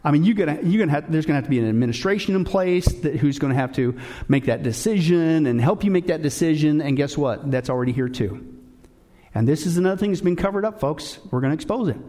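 A man's voice: on the high side, expressive, fast, mellow, long reverb tail. A man hosting political commentary, urgent and indignant, addressing his audience directly. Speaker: host.

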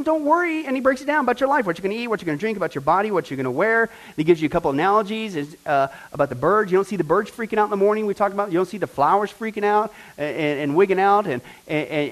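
A man teaching a Bible study as pastor, animated and joking, acting out the voices he quotes. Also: sits high, poor audio.

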